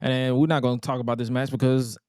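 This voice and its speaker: Man, podcast host, casual blunt chat, profane, smooth voice, dry recording. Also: medium pitch, level tone, fast talker, a little mellow, no room sound.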